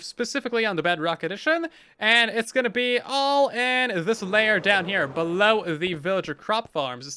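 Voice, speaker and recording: Hosting a game let's play, a man keeps up upbeat, chatty commentary laced with dry, sarcastic jokes. His voice is very high, sharp in tone, and smooth.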